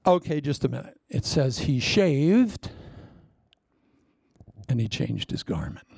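A man preaching a sermon with lively storytelling, acting out quoted voices along the way. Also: medium pitch, slow pace, gravelly, husky, dry recording.

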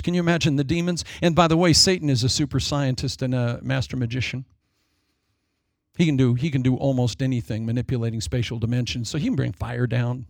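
A man preaching a sermon, dramatic and storytelling, acting out voices in quick asides. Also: on the high side, dry recording, clean studio sound. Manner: dramatic, acts out demons and people in quick asides.

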